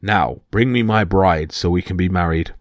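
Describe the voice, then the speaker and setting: A man voicing a boisterous male frost giant king with a booming, hearty delivery. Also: normal speed, no room sound, clean studio sound, close to an everyday voice. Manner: booming, jovial then furious.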